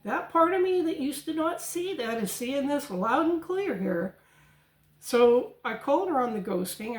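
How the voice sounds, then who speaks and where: A higher-pitched woman tells a long personal story with rising indignation, stopping now and then to mimic the people she quotes. Her voice rings in an echoey room. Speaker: spiritual channel host.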